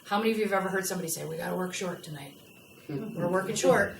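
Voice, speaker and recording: A woman giving a lively customer service training talk to a live audience and asking them questions. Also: fairly low pitch, fast talker, gravelly. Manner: animated, asks the audience questions. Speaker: workplace trainer. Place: large room with a live audience. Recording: echoey room, from a distance, faint noise.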